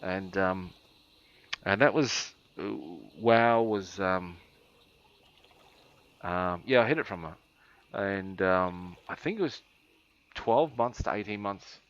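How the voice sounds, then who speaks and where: A man's voice: low-pitched, slow, long pauses, fairly bright tone, lo-fi sound. A man streaming a game, telling a long rambling story with laughs and many ums.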